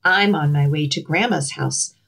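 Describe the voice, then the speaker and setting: A woman voicing a trusting, cheerful little girl in a storybook reading, with a bright and innocent way of speaking. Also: sits low, normal speed, gravelly, breathy edge, pitched below the performer's own voice, heavily acted.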